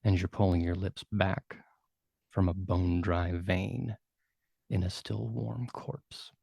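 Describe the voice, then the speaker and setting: Low gravelly man narrating a game. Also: steady tone, dry recording. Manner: vivid, measured storytelling with hushed dramatic turns. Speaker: game master. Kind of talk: dramatic tabletop game narration.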